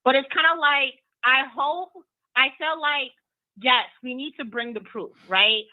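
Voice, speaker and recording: A high-pitched woman rambles through her opinions on a call-in show. She talks in a chatty, easygoing way and laughs easily. Her voice comes through a thin, tinny phone line. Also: a little slow. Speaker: caller. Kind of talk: call-in commentary.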